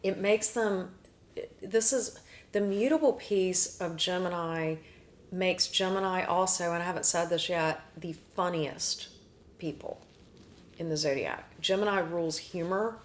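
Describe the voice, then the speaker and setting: A woman's voice: on the low side, measured pace, slight background noise. Chatty woman hosting an astrology talk. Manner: chatty, explains in lists with restarts. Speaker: astrology show host. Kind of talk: casual explanatory chat.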